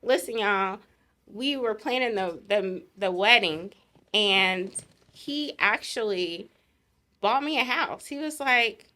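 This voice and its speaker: A woman's voice: medium pitch, slow, bright, forceful tone. A middle-aged woman casually telling the story of her engagement, laughing often as she goes. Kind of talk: casual chat.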